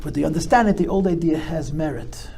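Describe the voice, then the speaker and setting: Male rabbi fielding audience questions, gravelly, slightly high, builds to emphatic peaks. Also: a little fast, warm tone, slight background noise. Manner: reflective, rising to emphatic bursts. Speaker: rabbi giving a talk. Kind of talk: live talk answering audience questions. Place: talk before a live audience.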